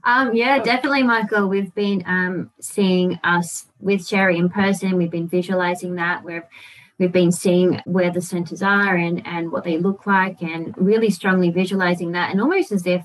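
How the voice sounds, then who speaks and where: A thoughtful woman with a slightly low voice joins a casual chat as a guest. She pauses and restarts as she works out her ideas. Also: steady tone, low-quality recording. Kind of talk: casual conversation.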